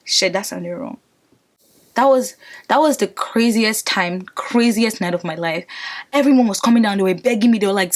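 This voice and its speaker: A young woman vlogger telling a dramatic storytime to her viewers, emphatic and animated, calling out to them as guys. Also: medium pitch, normal speed. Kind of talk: storytime vlog.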